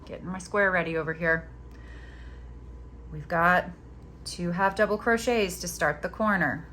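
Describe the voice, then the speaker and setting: A woman's voice: measured pace, slight background noise. A woman hosting a casual crochet tutorial, chatty and playful, teasing herself and cheering on her viewers as she works. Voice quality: chatty, playful, self-mocking. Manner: animated, jumps in pitch when excited.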